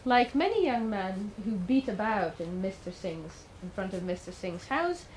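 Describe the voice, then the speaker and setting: A woman's voice: mid-range voice, big pitch swings, unhurried, darkish tone, slight background noise, rough recording. A woman giving a talk, telling a story in a conversational way with the odd filler and questions to the audience. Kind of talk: storytelling lecture.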